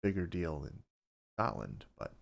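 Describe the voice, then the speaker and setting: A man's voice: low voice, sing-song, measured pace, gravelly. A man hosting a casual podcast, who rambles with dry, self-deprecating humor and lots of fillers. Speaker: podcast host.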